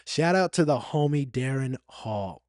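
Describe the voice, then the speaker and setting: A man's voice: mid-range voice, lively intonation, measured pace, darkish tone, no echo, clean studio sound. A man hosting a solo podcast, talking in a candid and reflective way, sometimes getting emotional and repeating himself. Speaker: podcast host.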